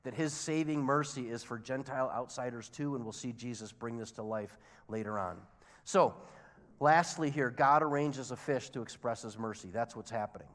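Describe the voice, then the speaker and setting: A man's voice: medium pitch, moderate pace, fairly bright tone. A man preaching a sermon, telling the story expressively and acting out the characters' lines. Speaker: pastor. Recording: long hall reverb.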